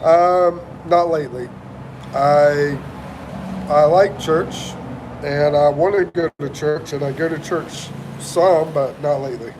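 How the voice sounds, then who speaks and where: A man's voice: fairly high pitch, fairly even intonation, slow, background noise. A man hosting a casual livestream, reading viewer comments aloud and greeting them, while he recovers from the flu and sounds congested. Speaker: livestream host.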